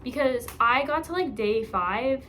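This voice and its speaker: A young woman talks through her book stack in a chatty, rambling way, laughing at her own slips. Her voice sits a little high, with a faint hiss of noise behind it. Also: expressive, a little slow, a bit bright. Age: young adult. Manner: chatty, rambling, self-mocking, many fillers. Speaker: book vlogger. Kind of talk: casual chat.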